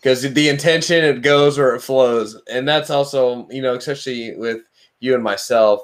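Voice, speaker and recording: A man's voice: medium pitch, moderate pace. A man hosting a podcast, chatting in a laid-back, slangy way with plenty of profanity. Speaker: podcast host. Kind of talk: casual conversation. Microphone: livestream podcast mic.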